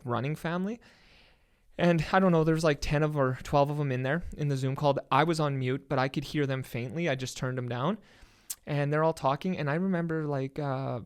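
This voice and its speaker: A young man with a Canadian accent tells a story in a casual, excited way and swears freely. His voice is smooth and clear, and it sits at a middling pitch. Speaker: podcast guest.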